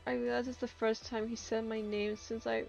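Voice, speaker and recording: Lady streamer reading game dialogue out loud, kinda high voice, muffled lo-fi sound, bit of music under. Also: moderate pace, vocal fry. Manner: reads narration aloud, breaking into laughs and excited outbursts. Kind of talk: game playthrough, reading story text aloud.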